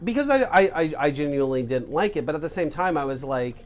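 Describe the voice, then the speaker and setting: A young man with a fairly high, expressive voice talks fast while co-hosting a let's play. He rambles casually through the gameplay chat, swearing and cramming his sentences with "like."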